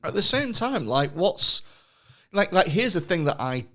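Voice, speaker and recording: A man's voice: sits high, big pitch swings, unhurried, bright, forceful tone. A man hosting a comedy podcast, chatting casually with crude, sweary jokes and frequent laughter. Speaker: podcast host.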